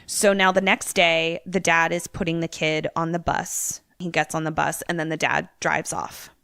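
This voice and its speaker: Bright-voiced woman retelling a film plot. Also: deep voice, moderate pace, vocal fry, smooth, dry recording, studio quality. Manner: animated retelling, casual swearing. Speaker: podcast co-host. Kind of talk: casual storytelling.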